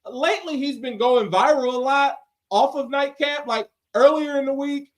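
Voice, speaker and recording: A man with a notably high voice hosts a loose, chatty podcast. He talks with lively energy, laughs often and mimics other people's voices as he tells stories. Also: normal speed. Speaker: podcast host. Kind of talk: casual wrestling podcast chat.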